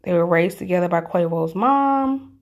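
A young woman co-hosting a podcast, sassy and animated in casual chat. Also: lowish voice, moderate pace. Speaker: podcast co-host.

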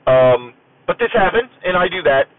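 A military veteran telling a story in a loose, rambling way while driving, with lots of fillers and casual swearing. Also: male voice, high voice, sing-song, normal speed, narrow, tinny audio. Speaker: veteran recalling military service.

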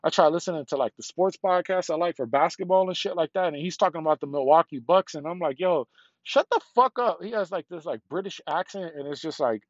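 A man's voice: fairly high pitch, quick pace, hardly any pauses, no room sound, highs cut off. A middle-aged man venting on a solo podcast from a parked car, rambling and frustrated, swearing a lot and sounding congested.

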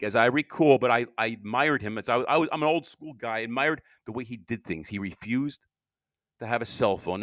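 A tired middle-aged man rambles through a solo podcast monologue, with a mid-pitched voice that rises and falls a lot. He keeps cutting himself off and swings between loud bursts and low mumbles. The sound is close and dry, with no room around it. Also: no room sound. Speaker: podcast host.

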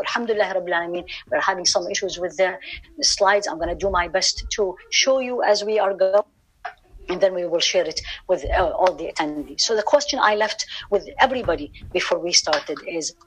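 Husky-voiced woman teaching with earnest repetition. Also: lowish voice, a bit bright, rough recording. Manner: earnest, repeats key words for emphasis. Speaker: Islamic lecturer. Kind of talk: religious lecture. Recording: online class session.

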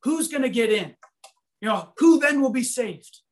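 A man giving a sermon, telling a story in an animated, conversational way full of fillers. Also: very high voice, moderate pace. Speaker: preacher.

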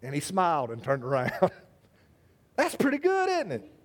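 A male pastor preaching a sermon in a lively, conversational way, calling out members of the congregation by name. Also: on the high side, a little slow.

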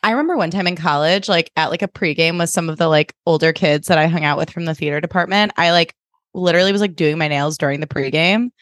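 A woman's voice: fast, fairly bright tone, no echo, clean studio sound. Chatty young woman podcast co-host. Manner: chatty, many "like" fillers, acts out quotes in a higher voice. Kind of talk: casual chat recapping a TV episode.

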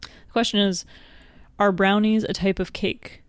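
A woman's voice: mid-range voice, flat delivery, measured pace, clean tone, no echo. A woman co-hosting a podcast in casual chat, teasing and laughing often. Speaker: podcast co-host.

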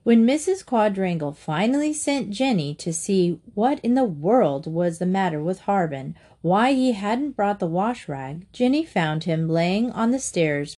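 Brief: female narrator, expressive children's book reading. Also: medium pitch, a little slow, hardly any pauses.

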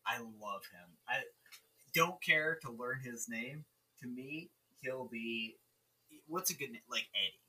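A man's voice: mid-range voice, slow pace, sharp tone, distant mic, rough recording. A male podcast co-host in casual, profane, jokey movie-review chat. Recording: voice slightly off-mic.

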